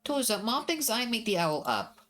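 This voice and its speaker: Woman doing a timid little sister, earnest, childlike, high-pitched, lively. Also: moderate pace, soft background music. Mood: pleading. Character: small anxious girl, little sister, dreamy. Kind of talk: reading a visual novel aloud.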